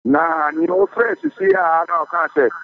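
A man with a Ghanaian accent calling a sports radio show, talking loudly and eagerly over a distant, tinny phone line. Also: extremely high pitch, wildly swooping pitch, normal speed, gravelly, no room sound, soft background music. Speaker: caller.

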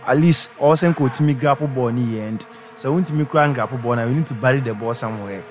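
A man's voice: medium pitch, quick pace, a little hiss or hum. Man analysing a football match. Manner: talks in pidgin English, explains plays. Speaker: football pundit.

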